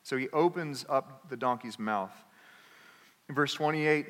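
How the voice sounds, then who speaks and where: A man preaching a sermon as pastor, telling a story in an animated way and acting out the characters. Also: medium pitch, measured pace, pauses often, long reverb tail. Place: church.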